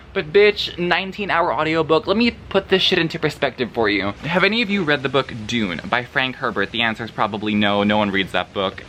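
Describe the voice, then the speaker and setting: Bright-voiced, profane book vlogger guy. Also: medium pitch, a little hiss or hum. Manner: profane, dramatic and sarcastic; laughs often between remarks. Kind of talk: casual vlog review.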